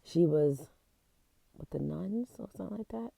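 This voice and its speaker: A woman in a casual vlog, retelling a story in an emotional, halting way, close to tears, with many restarts. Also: fairly low pitch, expressive, vocal fry, warm tone, slightly rough, no room sound. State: teary, close to crying. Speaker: vlogger. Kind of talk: casual chat.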